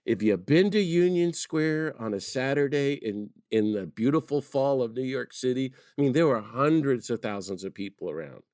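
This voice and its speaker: Lively storytelling priest, dry close sound. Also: male voice, medium pitch, normal speed, hardly any pauses, no echo. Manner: lively storyteller who laughs and acts out quotes. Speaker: priest and peace activist guest. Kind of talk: conversational storytelling.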